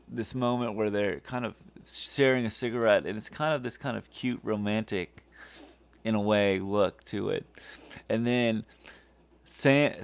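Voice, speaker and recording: Male podcast host, low gravelly voice, unhurried, halting casual recap. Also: no echo. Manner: halting, many fillers and restarts.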